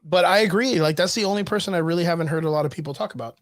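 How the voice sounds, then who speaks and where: A man co-hosting a casual livestream chat, talking in an animated way and laughing easily. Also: sits high, very fast, no echo, clean studio sound. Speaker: podcast co-host.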